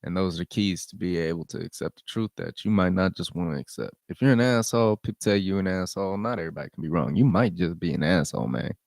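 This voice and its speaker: A man's voice: deep voice, quick pace, vocal fry, few pauses, darkish tone, no room sound, studio quality. A man hosting his own vlog, giving blunt, profane commentary and repeating his points for emphasis. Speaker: vlog host. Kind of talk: casual rant commentary.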